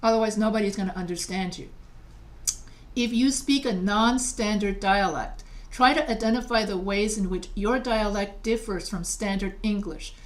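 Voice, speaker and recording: A woman's voice: mid-range voice, moderate pace. A middle-aged woman from New York, a writing teacher giving a video lecture. She reads textbook examples aloud and then explains them in a conversational way.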